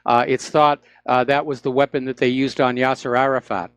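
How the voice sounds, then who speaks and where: A man hosting a radio talk show, speaking in a direct, steady way with occasional halting fillers. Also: mid-range voice, clean tone, dry recording.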